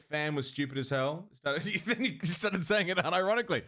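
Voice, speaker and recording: A man's voice: on the high side, expressive, brisk, sharp tone. A man from Australia with an Australian accent, a live streamer chatting casually with his viewers in a joking, sweary way.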